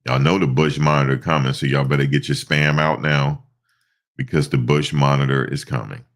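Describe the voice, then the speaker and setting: Very deep, gravelly stuffed-up man. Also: fairly even intonation, moderate pace. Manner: rambling storytelling with many fillers. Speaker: live-stream host. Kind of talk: casual live-stream chat.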